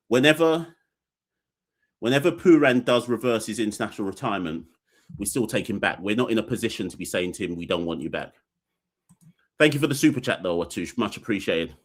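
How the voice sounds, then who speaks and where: A man hosting a live cricket podcast stream, reading super chats and giving blunt opinions in slangy, playful talk. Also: fairly low pitch. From Caribbean. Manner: joking, playful fake fitness-instructor bit. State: out of breath. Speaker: podcast host.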